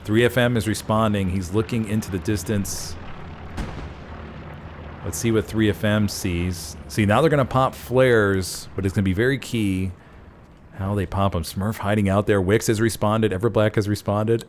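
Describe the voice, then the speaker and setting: Folksy man doing excitable game play-by-play. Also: moderate pace, slight background noise. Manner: excitable, folksy, chuckles and rises in pitch at big plays. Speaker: esports caster.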